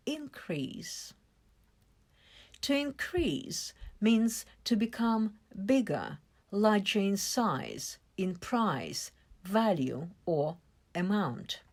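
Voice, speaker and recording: Slow, lively-voiced woman teaching English. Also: medium pitch. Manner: slow, careful explaining with stressed syllables. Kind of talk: vocabulary lesson.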